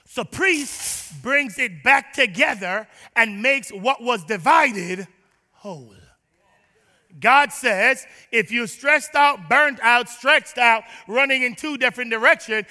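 A pastor preaching a sermon. He acts out his listeners' prayers and swings between loud declarations and near-whispers. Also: very high-pitched, unhurried, long reverb tail.

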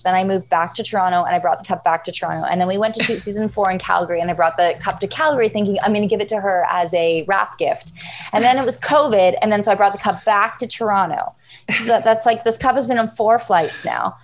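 Animated woman telling a funny story. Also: medium pitch, fast talker, a little hiss or hum, low-quality recording. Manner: animated storyteller, acts out quoted voices, laughs a lot. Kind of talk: casual chat.

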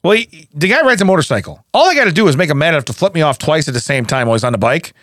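Male podcast co-host, fairly high and very lively voice, dry studio sound, lots of laughs. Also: very fast, no echo. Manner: laughs often, animated storytelling. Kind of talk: casual comedic chat. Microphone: studio mic.

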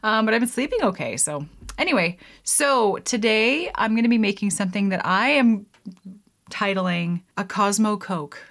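A woman's voice: medium pitch, expressive, normal speed, vocal fry, fairly bright tone. A woman vlogging as she mixes a drink at home, chatting casually to her viewers, rambling with lots of "like" and "um", giggling and poking fun at herself. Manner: giggly, rambling, self-deprecating, many "like"s and "um"s. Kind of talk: casual chat to camera.

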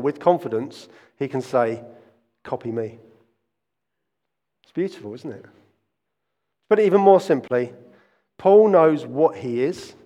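A man's voice: medium pitch, mellow, big-room sound. A man, preaching a sermon and telling stories earnestly, often restarting his phrases. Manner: earnest storytelling with frequent restarts. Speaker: pastor.

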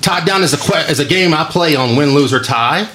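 A man hosting a podcast in casual chat, energetic, full of "dude" and "man". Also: a little high, a little fast, slight background noise. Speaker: podcast host.

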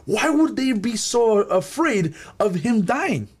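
A man leading a group Bible study, preaching with animated energy, often repeating and restarting words. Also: high voice, slow, breathy edge.

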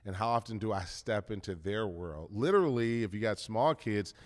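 A middle-aged man leads a church video talk as pastor, his lowish voice upbeat and expressive. The room around him rings with a long reverb. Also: normal speed. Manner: upbeat, expressive, varied delivery.

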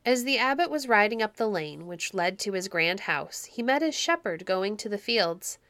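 Bright-voiced woman narrating a storybook. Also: medium pitch, expressive, dry recording. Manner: clear, measured storytelling. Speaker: audiobook narrator.

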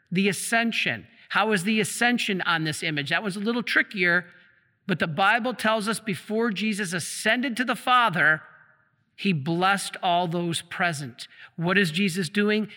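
A man preaching a sermon as a priest, asking the congregation questions and answering them himself, slowing and dropping low for emphasis. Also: bright, forceful tone. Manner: slows down and drops low for emphasis. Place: church. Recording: long echo of a church hall.

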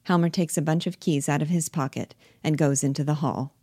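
A woman with a low voice reads stage directions aloud in an even, unhurried way. The sound is close and dry, with no room around it. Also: breathy edge, no room sound. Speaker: reader, narrator.

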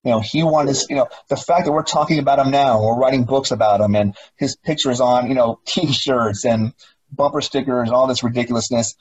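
A middle-aged former police officer speaks briskly in a husky, medium-pitched voice on a muffled recording. As an interview guest he talks emphatically, often repeating himself and posing rhetorical questions.

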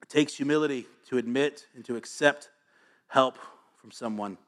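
A man preaching a sermon as pastor, energetic and joking, reading scripture aloud between stories. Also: mid-range voice, moderate pace.

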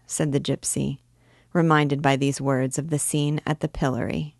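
A woman reading a classic novel aloud in a clear, measured storytelling voice. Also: a bass voice, flat delivery, no room sound, studio quality. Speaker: literature teacher reading aloud.

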